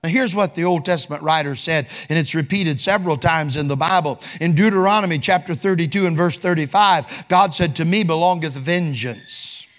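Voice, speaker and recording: High-voiced preacher. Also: male voice, moderate pace, few pauses, a bit bright. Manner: folksy preaching, quotes scripture in King James wording, rises in pitch for emphasis. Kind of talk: sermon.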